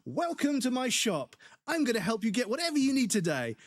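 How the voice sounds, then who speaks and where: Over-the-top friendly American service worker, high and singsong, gushing greeting, as a man mocks it. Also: huge pitch swings, a little fast, full character voice. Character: overly cheery American customer service worker.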